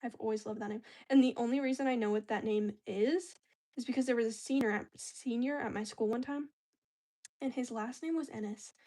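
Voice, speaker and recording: Woman vlogger with a slightly high voice, chatting casually and rambling in slang while she works on a craft. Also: fairly even intonation, fairly quick, dark tone.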